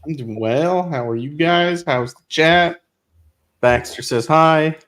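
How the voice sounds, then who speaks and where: A man co-hosting a casual livestream chat, relaxed with a dry sense of humor. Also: on the high side, takes it slowly. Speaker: co-host.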